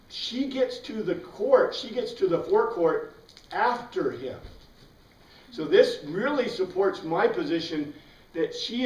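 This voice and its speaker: A man leads a relaxed Bible study, wandering off into asides and then circling back to the passage. His voice sits a little high for a man. He is picked up from some distance in an echoey room. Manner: rambling, conversational, with many asides and restarts. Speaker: Bible class teacher. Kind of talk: informal Bible study lesson. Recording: roomy sound, mic at a distance.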